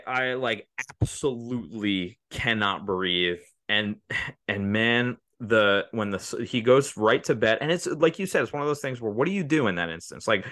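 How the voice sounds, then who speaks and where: A man's voice: mid-range voice, fairly bright tone, no echo. A man co-hosting a casual movie podcast, rambling through the plot with many restarts and fillers. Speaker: podcast co-host.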